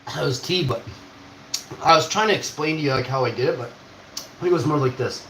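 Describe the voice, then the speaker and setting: Young man from Canada, rambling streamer, a bit high-pitched, echoey room. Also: brisk. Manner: rambling, swears, acts out quoted voices. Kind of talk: rambling casual storytelling. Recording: echoey room with faint noise.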